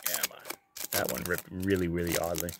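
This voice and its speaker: A man opening trading card packs on his channel, reading out each card and getting loudly excited and swearing at the big pulls. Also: low voice, fairly quick, very noisy. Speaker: card breaker. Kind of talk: casual card-opening vlog.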